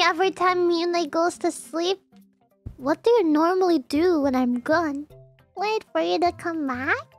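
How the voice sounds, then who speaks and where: A woman's voice: very high voice, a bit bright. A woman streamer chatting casually on a livestream, giggly and teasing, laughing often.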